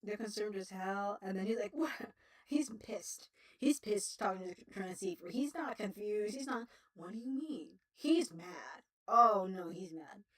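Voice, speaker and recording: A woman's voice: medium pitch, unhurried, hardly any pauses. Woman streamer, loose profane rambling chat, slightly distant mic. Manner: rambling, profane, laughing often. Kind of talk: casual livestream chat.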